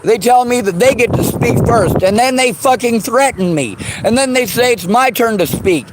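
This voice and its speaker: A man's voice: very high voice, lively intonation, moderate pace, very noisy. A man in an angry personal rant, swearing heavily and lashing out with bitter sarcasm.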